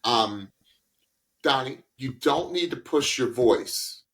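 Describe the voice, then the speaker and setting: Man, podcast co-host, casual chat, animated, voice-teacher tone, high excited jumps. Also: slow pace. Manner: animated, leaps into high pitch when excited; takes on a voice teacher's advising tone.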